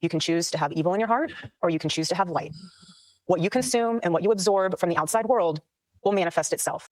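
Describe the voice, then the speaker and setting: A woman's voice: fairly low pitch, quick pace, a little mellow. A woman answering audience questions at a town hall in an earnest, emphatic way.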